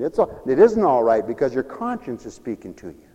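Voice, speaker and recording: A man preaching a sermon, dramatic and given to mimicking others and shouting for emphasis. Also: very high-pitched, animated, a little fast, long reverb tail, low-quality recording. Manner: dramatic, acts out other people's voices.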